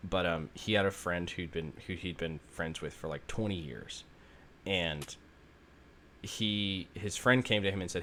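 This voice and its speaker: A man's voice: low-pitched, measured pace, fairly bright tone, slight background noise. A man hosting a podcast, rambling in casual chat with lots of fillers and swearing. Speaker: podcast host.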